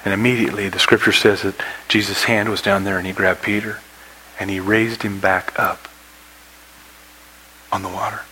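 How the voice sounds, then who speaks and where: A man preaching a sermon, telling a story with rising excitement and dropping to a hush for quoted prayers. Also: normal speed, pauses often, slight background noise, low-quality recording. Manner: storytelling preacher, acts out scenes with rising pitch. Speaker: pastor.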